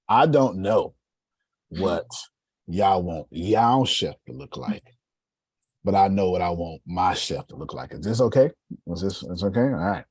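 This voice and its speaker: A middle-aged man coaching a sales class, animated and preachy, tossing questions to the room. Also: low-pitched, unhurried, slightly rough, dry recording. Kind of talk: live coaching session.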